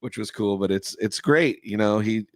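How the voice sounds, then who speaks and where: A man's voice: lowish voice, moderate pace, no room sound. A man co-hosting a casual car show chat, rambling with many restarts and losing his voice. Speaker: co-host, custom car builder.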